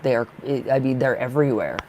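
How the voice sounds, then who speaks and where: A man's voice: mid-range voice, brisk, a little mellow, a little hiss or hum, poor audio. A young man chatting loosely through a live tarot reading, rambling and laughing often. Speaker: tarot reader.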